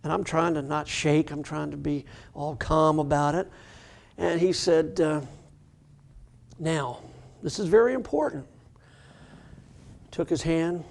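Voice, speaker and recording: A middle-aged man, a recovery doctor, telling a personal story in a lively, self-mocking way and acting out the dialogue. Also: fairly high pitch. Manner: animated storyteller who acts out dialogue. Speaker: addiction recovery doctor giving a talk.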